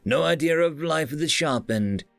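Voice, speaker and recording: A man's voice: a little high, expressive, moderate pace, vocal fry, no echo, pitched above the performer's own voice. A man voicing a blunt, commanding starship captain who gives firm, clipped orders in a raised voice.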